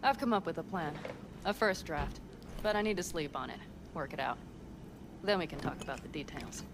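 An actress voicing a tough, guarded young nomad woman in a video game, speaking in a low, dry, matter-of-fact way. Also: moderate pace, close to an everyday voice. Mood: firm. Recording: game audio under noise.

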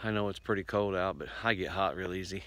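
Hiking uphill in the winter woods and a little short of breath, a bushcraft vlogger with an Indiana accent talks casually to the phone he holds. His voice is low-pitched and a bit bright, moving at a quick pace as he rambles folksily. There's no echo, but the recording is rough.

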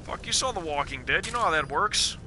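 A man's voice: a little high, animated, brisk, noisy background. A man streaming a video game live, chatting casually as he plays, joking and swearing while thinking aloud. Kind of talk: casual let's play commentary. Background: game music.

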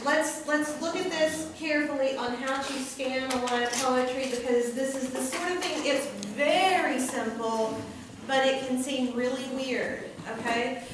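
A woman with a high voice teaches a class at an unhurried pace, patiently repeating each word and checking in with her students. She is recorded from the back of a classroom, so her voice comes from far off with strong echo. Steady room noise hums underneath. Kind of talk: classroom lecture.

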